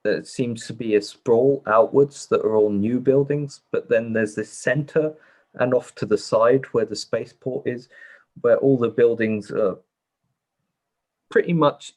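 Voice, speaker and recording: A man narrating a tabletop game as game master, pausing often with fillers. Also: medium pitch, a little mellow. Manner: hesitant, many fillers.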